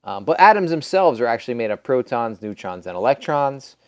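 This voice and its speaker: A man's voice: mid-range voice, very animated, fairly quick, smooth, no room sound, clean studio sound. A man teaching a recorded science lesson in a casual, rambling way, with many restarts and fillers. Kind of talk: recorded classroom lecture.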